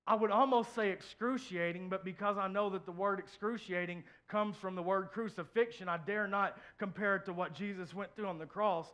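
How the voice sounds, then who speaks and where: A pastor preaching a heartfelt sermon in church, sharing a personal story, repeating phrases and swinging from soft to loud. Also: male voice, high-pitched. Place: church, before a congregation.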